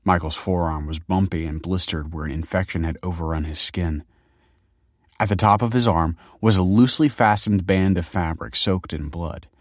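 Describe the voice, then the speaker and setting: Deep-voiced man narrating a dark story. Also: moderate pace, dry recording, clean studio sound.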